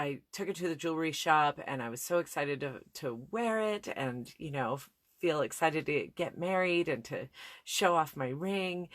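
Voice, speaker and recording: Low-voiced woman telling a candid story. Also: fairly bright tone, no room sound, studio quality. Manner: candid, reflective, with restarts. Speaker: speaker on listening skills. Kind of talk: personal storytelling talk.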